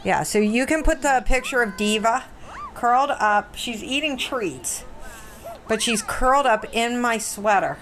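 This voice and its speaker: A woman's voice: lively intonation, measured pace, a bit bright, slight background noise. A middle-aged woman casually chatting as she plays a life simulation game on stream, cooing at her frightened cats now and then. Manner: chatty, talks to her pets in a high coo. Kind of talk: casual gameplay stream chat.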